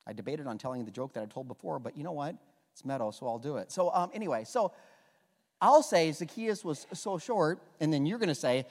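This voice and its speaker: A man's voice: on the high side, normal speed. A man preaching a humorous sermon as pastor, joking and getting the congregation to repeat lines back. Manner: animated, jokey, asks the congregation to repeat lines. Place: church sanctuary. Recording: long hall reverb.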